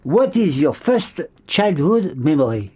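An interviewer, running a comic mock interview in a theatrical, exclaiming way, full of halting fillers. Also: medium pitch, big pitch swings, darkish tone, slightly rough.

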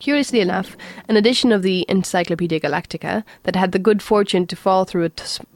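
A woman reading a novel aloud in a steady, unhurried way, with the odd stumble. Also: mid-range voice, no room sound. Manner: steady, unhurried storytelling with occasional slips. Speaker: reader.

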